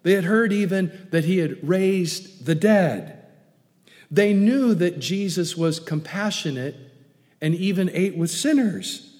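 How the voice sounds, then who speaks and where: A male pastor preaching a sermon, urging loudly one moment and dropping to soft, hushed asides the next. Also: sits high, lively intonation, slow. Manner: emphatic, swings between loud urging and soft hushed asides. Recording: reverberant hall.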